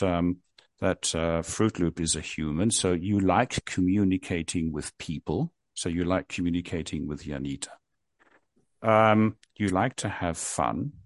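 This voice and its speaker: Deep-voiced older man, jokey podcast host. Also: dry recording. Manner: self-mocking, jokey, rambling. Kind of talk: casual podcast chat.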